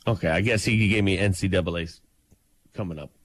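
A man co-hosting a radio morning show, bantering in a teasing, lively way. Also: low-pitched, a little fast, no room sound. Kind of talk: casual chat.

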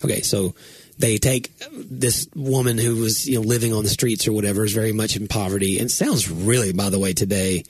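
A man, a pastor and podcast host, chatting casually in a rambling, self-interrupting, animated way. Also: on the low side, a little fast, slightly rough, dry recording. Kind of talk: casual chat.

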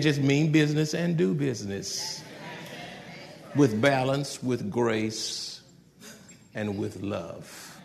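A man preaching a sermon in a folksy, conversational way, swinging from loud outbursts to soft asides and laughing at his own jokes. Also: a little high, vocal fry, long reverb tail. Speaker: pastor.

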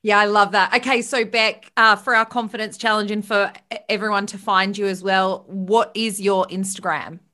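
Bubbly bright-voiced woman podcast host. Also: mid-range voice, fairly even intonation, moderate pace, hardly any pauses. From Australia. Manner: bubbly, effusive, laughs often. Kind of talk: casual podcast interview.

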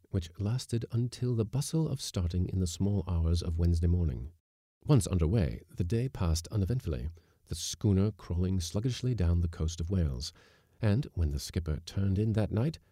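A man narrating an audiobook story with measured, expressive delivery on a close mic. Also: low voice, slightly rough, dry recording.

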